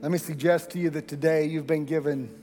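A man preaching a sermon to a large congregation, lively and rallying, leading them in call and response. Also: a little high, brisk, faint music behind. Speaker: pastor. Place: large church hall. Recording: echoey hall with long reverb.

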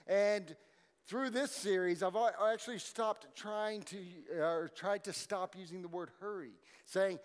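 Man, pastor, high voice, chatty joking sermon, church hall, long reverb. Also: moderate pace, smooth. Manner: conversational, joking asides to the congregation.

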